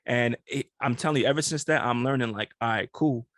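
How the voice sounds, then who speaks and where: A man co-hosting a podcast in a relaxed, slangy way, cheering on his partner. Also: medium pitch, a little fast, no echo, clean studio sound. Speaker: podcast co-host. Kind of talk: casual chat.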